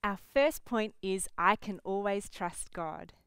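A woman's voice: mid-range voice, slow pace, fairly bright tone, clean tone, no echo. A woman pastor teaching children at an online church service, speaking directly to the kids in an encouraging way.

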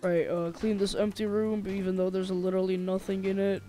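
A man's voice: high voice, level tone, brisk, dark tone, lightly acted. A young man voicing a chatty, hapless male robot bear janitor in a game role-play, muttering to himself as he works. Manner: mutters to himself while working.

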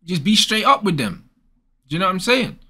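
Young man, casual rant, slangy, blunt, high-pitched, bright. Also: big pitch swings, fairly quick. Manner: blunt, slangy, repeats "bro" and "bruv". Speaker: host.

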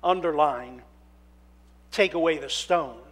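A man preaches in a church, his voice sitting high for a man. He drops to near-whispers on scripture, then bursts into loud, animated storytelling. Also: slow pace. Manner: dramatic shifts between hushed scripture reading and loud animated storytelling. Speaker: minister. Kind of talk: sermon reading and preaching. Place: church sanctuary.

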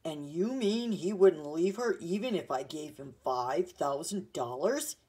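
A woman voicing a cross older grandfather in a read-aloud storybook, with a gruff, emphatic delivery. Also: low-pitched, expressive, a little slow, warm tone, exaggerated voice.

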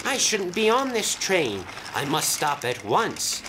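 A man's voice: very animated, measured pace, background noise. A man voicing a polite, fretful little male brake van in a toy train story. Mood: alarmed. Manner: anxious, very polite, high and breathy.

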